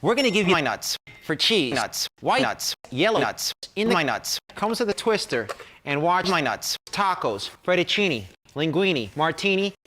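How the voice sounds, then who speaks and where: A man pitching a kitchen gadget in an infomercial, his voice high and bright with a sharp edge. He swings up and down constantly, hammering short emphatic lines in a pushy, rapid-fire sell. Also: very animated.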